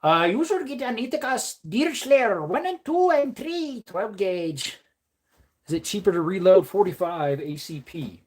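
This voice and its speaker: A woman's voice: mid-range voice, expressive, unhurried, darkish tone. A woman chatting casually on a livestream while reloading ammunition, playful and laughing often. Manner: playful, laughs often, slips into silly voices.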